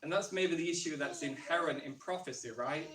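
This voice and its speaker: A man's voice: on the high side, a little fast, fairly bright tone. A man with a Northern English accent giving a sermon in a conversational way, posing questions as he thinks aloud. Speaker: preacher. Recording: echoey church room from far off.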